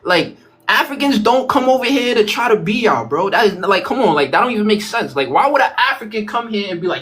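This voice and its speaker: A man with a high voice calls in to argue. He talks bluntly and insults people. His speech is full of fillers. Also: sing-song, a little fast, fairly bright tone. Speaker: panel caller. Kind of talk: heated live-stream argument.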